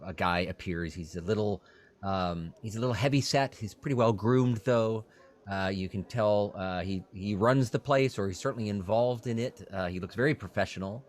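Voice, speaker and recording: Halting male game master. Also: sits low. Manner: halting, many fillers. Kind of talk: narrating a tabletop game.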